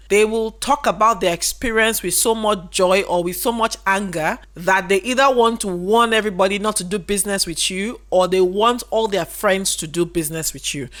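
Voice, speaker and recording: A woman's voice: medium pitch, a bit bright. A woman, giving a casual business lesson and explaining through rhetorical questions. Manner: repeats key points for emphasis. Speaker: business educator. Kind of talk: casual instructional talk to camera.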